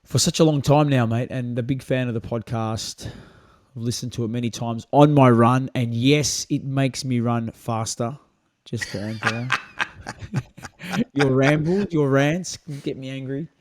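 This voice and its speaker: A man's voice: mid-range voice, unhurried, no echo. Upbeat man, dry sound. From Australia. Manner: upbeat and friendly, calls people mate. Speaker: podcast guest. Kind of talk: casual podcast chat.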